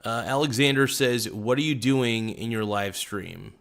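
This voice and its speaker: A man's voice: mid-range voice, a little slow, vocal fry, fairly bright tone. A young man hosting a casual livestream, reading out chat comments with joking, teasing banter. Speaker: livestream host.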